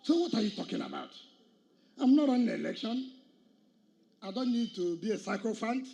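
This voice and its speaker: Addressing an outdoor crowd, a middle-aged Nigerian-accented state governor speaks combatively, hurling rhetorical questions and challenges. His high voice is expressive and dark-toned with vocal fry, and he talks a little fast.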